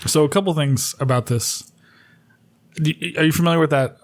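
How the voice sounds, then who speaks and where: American East Coast podcast co-host. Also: male voice, fairly high pitch. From United States. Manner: rambling, profane, quick to laugh. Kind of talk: casual profane podcast chat.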